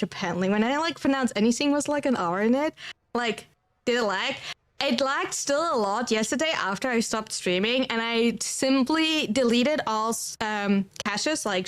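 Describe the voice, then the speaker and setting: Her pitch fairly high, this German woman with a German accent streams live and chats loosely. She rambles while replying to chat, dropping "like" again and again.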